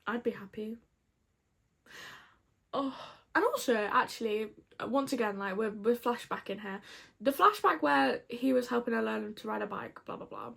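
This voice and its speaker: A woman's voice: fairly high pitch, normal speed, creaky, a bit bright, breathy edge. A young woman recapping a TV episode to camera in a gushing, dramatic, chatty way. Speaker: vlogger.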